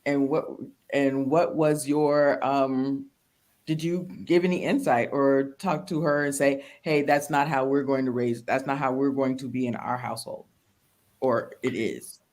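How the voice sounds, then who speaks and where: A woman's voice: rumbling low, fairly even intonation, a little slow, a little mellow. A woman hosting a panel discussion, asking a long question with restarts. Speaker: host.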